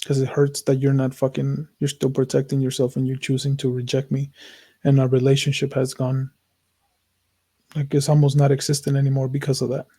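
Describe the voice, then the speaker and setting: Man, podcast co-host, earnest, searching, repetitive, swears, mellow tone, flat pitch. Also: brisk. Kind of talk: casual heartfelt conversation.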